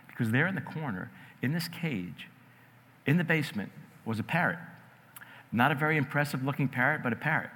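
A preacher from New York, raised in New Jersey, tells a story to his listeners with animated, conversational energy. His voice is bright and forward. It rings out with the long reverb of a large hall. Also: medium pitch, fairly quick, pauses often, slightly rough. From New York area, raised in New Jersey. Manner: animated, conversational, addresses audience directly. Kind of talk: storytelling in a sermon.

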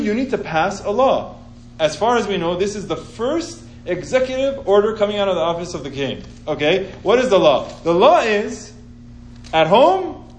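A man teaching an informal scripture class, telling the story with animated sarcasm. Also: fairly high pitch, roomy sound, a little hiss or hum, rough recording.

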